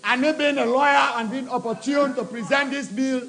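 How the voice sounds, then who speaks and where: Man, Sierra Leonean accent, very high voice, formal parliamentary speech, deliberate short phrases. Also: fairly even intonation, a bit bright, poor audio. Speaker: legislative committee chairman presenting a bill. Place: parliament chamber.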